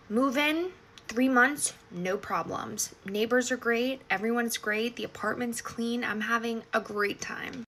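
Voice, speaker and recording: A woman's voice: a little high, a little slow, fairly bright tone, slight background noise. A young woman telling a storytime in a sassy, casual way, swearing freely and acting out her own reactions.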